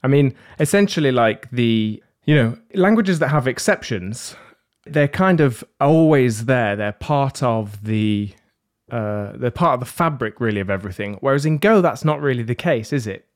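Speaking expressively at a moderate pace, a mid-range-voiced man hosts a relaxed London podcast panel. He rambles and cracks jokes, frequently poking fun at himself.

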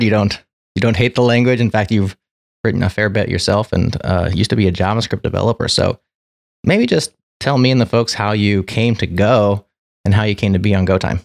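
A man's voice: low-pitched, gravelly, no echo, studio quality. A man hosting a podcast, chatting in a rambling, friendly way that often corrects itself. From United States. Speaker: podcast host. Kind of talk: casual chat.

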